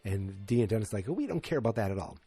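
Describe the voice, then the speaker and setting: A man's voice: on the low side, animated, rapid-fire, mellow, slightly rough, no echo. A man on a podcast casually retelling a sitcom episode, rambling with restarts and fillers and briefly acting out the characters' lines. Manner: rambling, restarts, lots of ums, acts out quotes. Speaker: podcast co-host.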